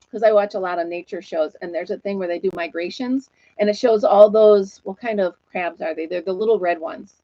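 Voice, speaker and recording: A woman's voice: mid-range voice, a little mellow, no room sound. A woman in her forties hosting a casual livestream, chatty and laughing often as she reads comments. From New York State. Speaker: livestream host chatting with viewers. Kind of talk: casual chat. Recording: dull, dry sound.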